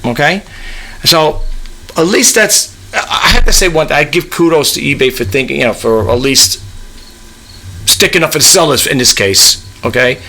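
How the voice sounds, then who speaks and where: A man's voice: a little high, lively intonation, normal speed, creaky, bright, forceful tone. A man in a casual screen-share vlog about online reselling, rambling and checking in with "okay?" and "you know" as he reads web pages aloud. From New York, US East Coast. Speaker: eBay reseller vlogger.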